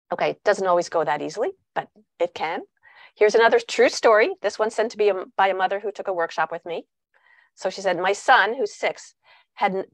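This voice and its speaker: In a mid-range voice with no room sound, a middle-aged woman who writes and speaks on parenting talks to an audience of parents. Her delivery is animated as she acts out children's and parents' lines.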